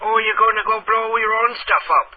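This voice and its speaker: A man's voice: sits high, steady tone, brisk, crowd noise, pitched above the performer's own voice, lightly acted. A man putting on the voice of Ed, a pushy, rambling caller, for a prank phone call. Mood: insistent. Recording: tinny phone line with noise.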